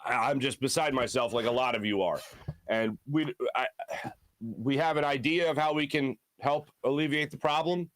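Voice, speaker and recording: A man hosting a sports talk show, speaking hoarsely in an earnest, halting way from a studio. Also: mid-range voice, a bit bright, dry recording.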